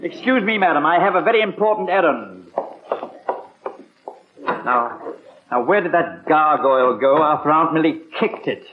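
A man's voice: a little high, lively intonation, normal speed, pauses often, heavy background noise, lightly acted. A man playing a wry butler. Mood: dry. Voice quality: polite, formal and wry. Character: prim, dry-witted English butler, adult man. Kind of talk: 1950s radio sitcom acting. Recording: dull, roomy 1950s radio broadcast.

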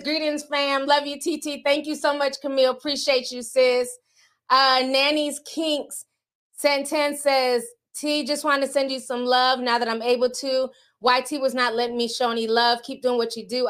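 A woman hosting a livestream podcast, chatting casually and reading super chats in a sassy, animated way. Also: sits high. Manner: sassy, animated, calls viewers sis and honey.

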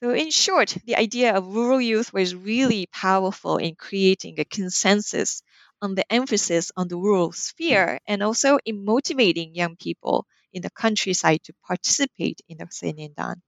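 A woman author answering interview questions in a measured, explanatory way, now and then correcting herself mid-word. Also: medium pitch, creaky, no echo.

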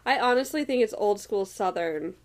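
A woman co-hosting a podcast, chatting casually about a sitcom episode with drawn-out reactions. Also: medium pitch, expressive, a crowd in the background. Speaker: podcast co-host.

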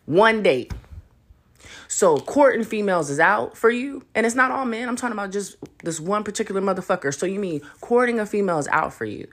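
A young adult woman hosting a solo podcast, talking in a blunt, profane and animated way. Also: medium pitch, fast, few pauses. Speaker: podcast host. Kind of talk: casual solo podcast rant.

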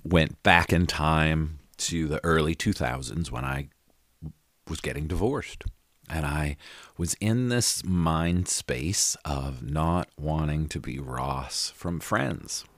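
A middle-aged man with a very deep voice hosts a daily motivational podcast. He talks in a loose, earnest, conversational way, leaning on repetition and the odd curse word. The recording is dry and close, with no room sound. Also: dry recording. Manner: earnest, conversational, occasional swearing; emphatic repetition. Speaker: podcast host and life coach. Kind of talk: casual motivational monologue.

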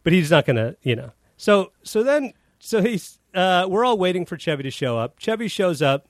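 A middle-aged man, a film director, telling animated stories as a guest in a casual podcast chat. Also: sits high, normal speed, no room sound, studio quality. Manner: animated storyteller, acts out quotes.

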